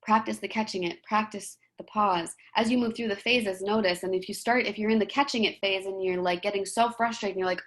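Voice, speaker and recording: A woman giving a motivational talk in a gentle, conversational way, often checking in with "right?". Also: medium pitch, brisk, few pauses. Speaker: presenter.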